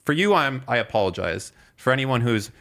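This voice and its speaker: A man's voice: mid-range voice, expressive, a little fast, a bit bright. A man co-hosting a podcast in casual chat, telling a long story with many fillers, restarts and swearing. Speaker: podcast co-host.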